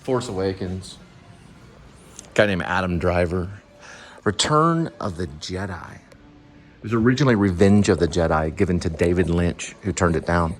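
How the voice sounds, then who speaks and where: A man's voice: low voice, moderate pace, pauses often. A man vlogging casually as he walks through a shopping mall, rambling and thinking aloud. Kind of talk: casual walking vlog.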